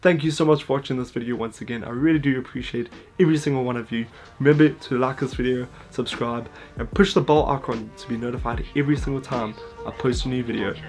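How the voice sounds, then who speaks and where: A man giving an enthusiastic, casual review of a TV show to his YouTube viewers. He repeats words for emphasis and often pauses with fillers. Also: medium pitch, steady tone, a little mellow, soft background music.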